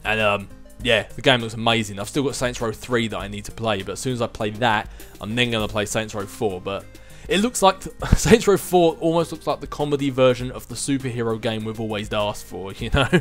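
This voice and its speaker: A man's voice: mid-range voice, a little fast, few pauses, soft background music. Easygoing man chatting with viewers. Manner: chatty and easygoing, chuckling between thoughts. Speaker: gaming channel host. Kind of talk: casual viewer Q&A chat.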